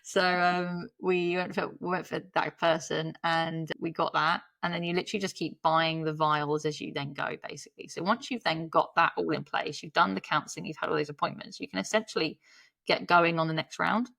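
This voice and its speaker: A woman's voice: low-pitched, fairly even intonation, brisk, vocal fry, fairly bright tone, no echo. A woman in her thirties, a podcast guest telling her story in a chatty, candid way, laughing often and breaking off mid-sentence.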